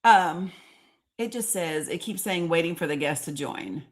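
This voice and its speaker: A woman's voice: lowish voice, lively intonation, measured pace. A woman with a Northeast Tennessee accent hosting a live stream, chatting emphatically and calling out commenters by name. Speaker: livestream host.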